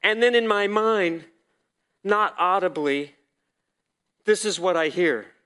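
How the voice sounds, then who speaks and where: A man preaching a personal testimony as a sermon, telling the story vividly and swinging between loud and hushed delivery. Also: sits high, slow pace, clean tone.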